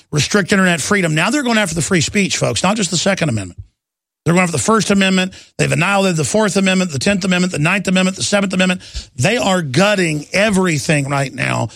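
A man's voice: sits high, fairly bright tone, no room sound, clean studio sound. A middle-aged man hosting a talk radio show, delivering an urgent, impassioned political monologue. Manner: gravelly, urgent, ranting delivery.

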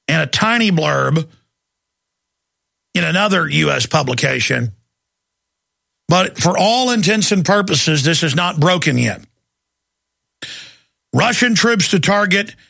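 A man's voice: on the high side, gravelly, pushed and bright, no echo, clean studio sound. A man hosting a talk radio show, talking intensely and emphatically in a long monologue.

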